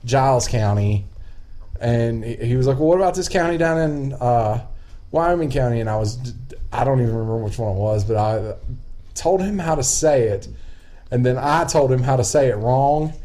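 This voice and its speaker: A man's voice: mid-range voice, moderate pace, warm tone. A man chatting casually, rambling through an anecdote and acting out what others said. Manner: rambling storyteller, quotes others. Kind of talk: casual chat.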